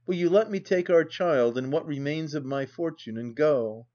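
A man's voice: fairly high pitch, darkish tone, dull audio, close to an everyday voice. A man voicing a cold, proud wronged wife. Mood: resolute. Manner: cold, measured, dignified.

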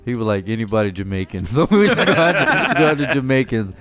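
A man's voice: mid-range voice, quick pace, no echo. A man telling profane stories in casual chat with friends, laughing often. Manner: profane, laughing, animated storyteller.

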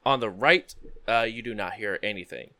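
A man narrating a tabletop game as game master, describing scenes in a halting way with frequent fillers. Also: on the low side, pushed and bright, no echo.

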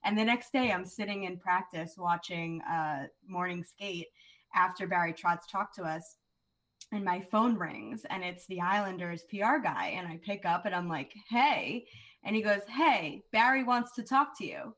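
A woman's voice: lowish voice, moderate pace, fairly bright tone, poor audio. Young adult woman, sports reporter guest, chatty and laughing storyteller. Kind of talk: casual podcast chat.

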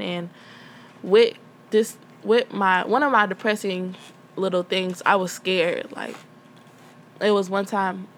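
Soft-spoken young woman, candid rambling talk. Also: fairly low pitch. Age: young adult. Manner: candid, rambling, many fillers. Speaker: podcast host. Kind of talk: casual personal talk. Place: at home.

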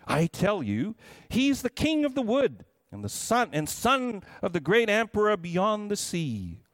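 A man's voice: high voice, wildly swooping pitch, a little slow, dry recording, studio quality, pitched above the performer's own voice, full character voice. A man putting on a stern, proud beaver. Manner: stern, emphatic.

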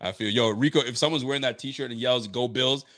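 A man's voice: medium pitch, fast talker, fairly bright tone. A man from Nova Scotia casually chatting on his livestream, hyped and loose, repeating himself as he talks to viewers. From Nova Scotia, Canada. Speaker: sports fan streamer.

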